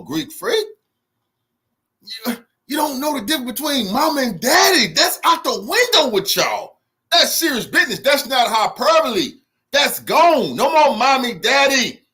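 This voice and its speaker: A man's voice: very high-pitched, bright, forceful tone. A man hosting a commentary channel, reacting to news clips in a heated, mocking, profane way and laughing often.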